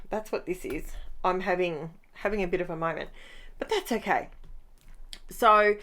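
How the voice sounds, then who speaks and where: A woman, stuffy from hay fever, chatting casually and rambling as she talks through her scrapbooking. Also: fairly low pitch. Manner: chatty, rambling, self-mocking. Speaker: scrapbooking channel host. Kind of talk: casual crafting voice-over chat.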